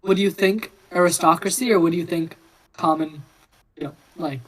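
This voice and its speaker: A man taking part in a relaxed philosophical conversation. He speaks clearly and loudly, putting deliberate emphasis on his words and choosing each one with care. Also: fairly high pitch, poor audio. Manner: clear, loud, emphatic, careful speech. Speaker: discussion participant. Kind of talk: casual philosophical discussion.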